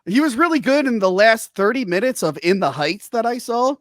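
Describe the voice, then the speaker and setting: A man hosting a casual movie review podcast, jokey and animated, acting out his own reactions as he talks. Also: very high-pitched, brisk, no room sound, clean studio sound. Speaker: podcast host.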